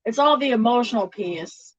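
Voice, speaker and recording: A woman's voice: a little high, lively intonation, moderate pace, no room sound, dull audio, soft background music. A woman tarot reader chatting casually on a livestream, laughing often between remarks.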